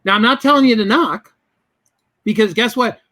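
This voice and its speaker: High, bright-voiced man telling a lively story. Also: moderate pace. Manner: animated, acts out both sides of conversations. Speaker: guest. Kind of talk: storytelling in a business interview.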